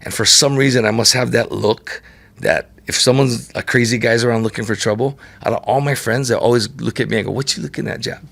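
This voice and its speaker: A man, a podcast guest telling stories in a relaxed, chatty way, laughing often and peppering his speech with "like" and "right?". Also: mid-range voice, brisk, creaky. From Hawaii. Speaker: podcast guest, multi-sport champion. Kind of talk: casual storytelling interview.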